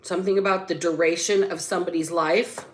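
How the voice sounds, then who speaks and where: A woman's voice: lowish voice, fairly even intonation, a little fast. A woman doing a spiritual tarot reading, blunt and casual, drawing words out with sudden emphatic bursts. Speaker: psychic tarot reader.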